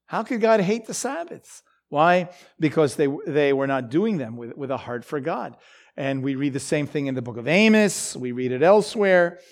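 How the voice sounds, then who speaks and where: High-voiced man giving a chatty devotional. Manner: conversational, many fillers, asks "okay?" and "right?". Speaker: preacher. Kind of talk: devotional teaching.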